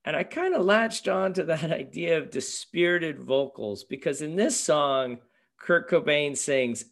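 A man's voice: fairly high pitch, measured pace, fairly bright tone. A man hosting a music podcast, leading the talk with questions and feeling his way through his phrasing. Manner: leads the talk, asks questions, searching phrasing. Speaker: podcast host. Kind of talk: casual music chat.

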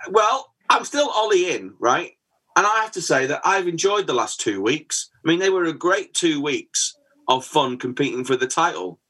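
A man's voice: fairly high pitch, expressive, normal speed, bright, forceful tone, breathy edge. A man in his forties co-hosting a football podcast, telling stories and acting out dialogue. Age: 40s. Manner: anecdotal, acts out dialogue. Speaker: podcast co-host. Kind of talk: casual chat, football talk.

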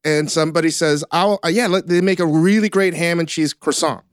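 High-voiced man chatting, self-mocking. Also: a little fast, clear, resonant tone, no room sound, studio quality. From United States. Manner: rambling, self-mocking, swears casually. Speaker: podcast host. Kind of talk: casual chat.

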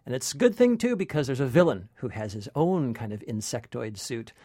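A man co-hosting a casual movie chat as a film critic, playful and quick to laugh. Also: medium pitch, animated, mellow, dry recording, clean studio sound.

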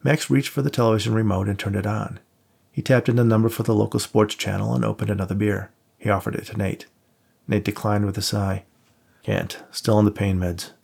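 A man narrating an audiobook in a steady storytelling manner. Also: on the low side, fast, gravelly, breathy edge. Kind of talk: scripted narration.

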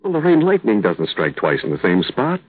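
A man's voice: lowish voice, wildly swooping pitch, brisk, slightly rough, heavily acted. An actor playing a grieving young husband in a 1950s radio drama, earnest and tender as he pleads with his wife. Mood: urging. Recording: tinny old radio broadcast.

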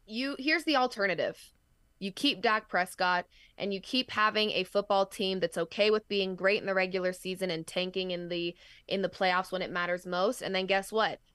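A woman co-hosting a sports podcast who pushes back with firm, blunt points. Her voice is bright and tense. The recording is dry and close. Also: medium pitch, fairly even intonation, normal speed, no echo. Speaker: podcast co-host. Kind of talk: casual sports debate.

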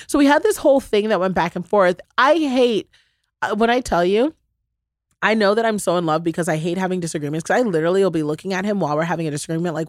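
Woman, podcast host, casual heartfelt chat, animated, gushing, dry close mic. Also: on the low side, fast talker, no room sound. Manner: animated, laughing, gushing storyteller. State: briefly choked up.

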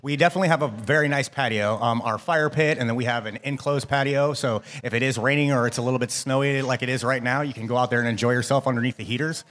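A man's voice: medium pitch, steady tone, fast, few pauses, a bit bright. A middle-aged man from Ohio, a restaurant chef answering interview questions with frequent ums and restarts. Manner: hesitant, lots of ums and restarts.

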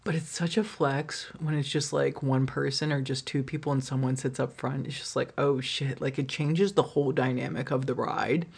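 A woman's voice: rumbling low, fairly even intonation, moderate pace, vocal fry, few pauses, a little mellow, husky. A woman hosting a solo podcast, telling candid, profane stories with lots of "like", restarts and laughter. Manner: candid and profane, heavy filler "like"; frequent laughter, trailing restarts. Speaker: podcast host.

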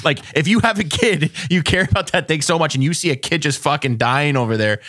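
A man's voice: fairly high pitch, brisk, fairly bright tone, a little hiss or hum. A man co-hosting a podcast, casually retelling stories and giving his opinions. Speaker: podcast co-host.

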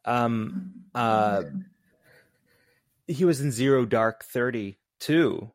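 A man co-hosting a movie podcast talks in an animated, excitable way, full of "like" and "um." His voice sits at a middle pitch and is recorded dry and close, with no room sound. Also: extremely slow, no echo. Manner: animated, excitable, laughs often, frequent filler words. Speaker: podcast co-host. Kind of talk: casual movie review chat.

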